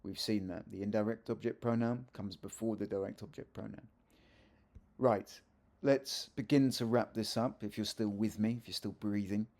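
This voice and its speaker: Gravelly, mellow male language teacher. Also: lowish voice. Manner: chatty, self-correcting teacher with asides. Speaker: Spanish teacher. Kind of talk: video lesson explaining grammar.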